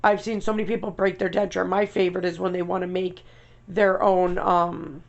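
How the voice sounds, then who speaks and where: A woman's voice: on the low side, little pitch movement, normal speed, vocal fry, muffled recording. A young woman from New York, a denture vlogger, talking to camera in a blunt, chatty, rambling way with asides and mild swearing. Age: young adult. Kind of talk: casual chat to camera.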